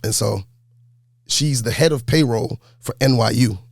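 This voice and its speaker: Gravelly New man telling stories. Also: medium pitch, measured pace, dry recording, studio quality. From New York. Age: 40s. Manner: laid-back, animated storyteller. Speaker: high school basketball coach. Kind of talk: storytelling in an interview.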